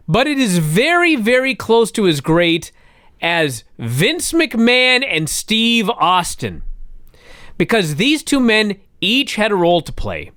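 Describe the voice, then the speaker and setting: Animated, profane man retelling with gusto. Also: sits high, no echo, studio quality. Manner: profane, excitable storytelling. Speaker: podcast co-host recapping wrestling. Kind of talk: casual chat.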